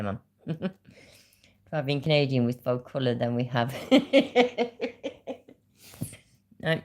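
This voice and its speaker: A middle-aged British woman with a British accent, rambling and swearing her way through casual livestream chat. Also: extremely low pitch. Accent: British English. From Britain. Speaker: streamer.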